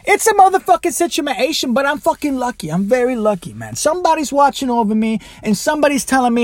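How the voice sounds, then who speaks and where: A man's voice: extremely high pitch, very animated, quick pace, hardly any pauses, no room sound. A man hosting a podcast, telling a rambling, profane story in a casual monologue. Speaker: podcast host.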